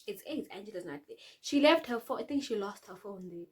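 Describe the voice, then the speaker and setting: A young South African woman telling a dramatic personal story for her vlog, lively and dropping to whispers at the tense parts. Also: medium pitch, fast talker, few pauses, breathy edge. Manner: animated, dramatic, drops to whispers for suspense. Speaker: YouTuber.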